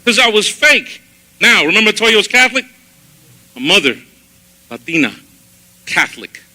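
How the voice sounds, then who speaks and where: Man doing church testimony, high and sharp-toned voice, animated storyteller. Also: normal speed, low-quality recording. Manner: animated storytelling, acting out his own past words. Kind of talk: personal testimony sermon. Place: church service.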